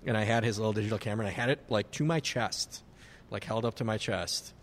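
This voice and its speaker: A man in his late thirties telling a swearing, animated story in casual chat, acting out the people he quotes. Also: fairly low pitch, quick pace, slight background noise. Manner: animated anecdote teller, swears freely, acts out shouted quotes.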